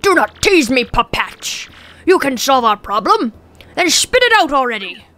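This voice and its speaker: A woman's voice: high-pitched, big pitch swings, a little slow, bright, forceful tone, no room sound, full character voice. A woman voicing a pompous, theatrical male ship owner in a video game playthrough with grand, formal phrasing. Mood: grandiose.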